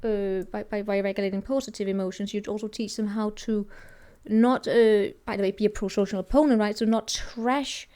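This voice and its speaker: A woman's voice: medium pitch, steady tone, brisk, hardly any pauses, mellow. A woman giving a casual tarot reading, thinking aloud and rambling with many restarts. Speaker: tarot reader.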